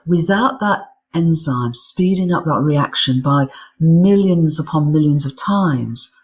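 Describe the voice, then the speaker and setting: A woman speaks as an interview guest, explaining science with eager enthusiasm. She often repeats words as she builds her thoughts, then carries on in long flowing explanations. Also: low voice. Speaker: guest author and physicist. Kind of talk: interview conversation.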